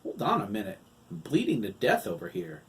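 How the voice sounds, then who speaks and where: A man voicing an angry, sullen teenage farmhand who snaps and talks back loudly in an audiobook. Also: medium pitch, wildly swooping pitch, fairly quick. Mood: irritable. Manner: snappish, sarcastic and loud.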